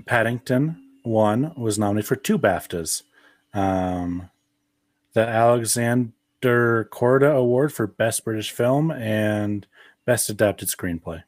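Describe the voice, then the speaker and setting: A man co-hosting a casual movie review podcast, reading out film facts and scores with a relaxed, jokey manner. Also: fairly low pitch, slow pace, no echo, clean studio sound. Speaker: podcast co-host.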